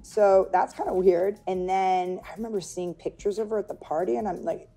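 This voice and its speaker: A woman's voice: medium pitch, moderate pace, soft background music. A woman being interviewed, telling a personal story casually and acting out what other people said. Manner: animated retelling, acting out others' lines. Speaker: interview guest.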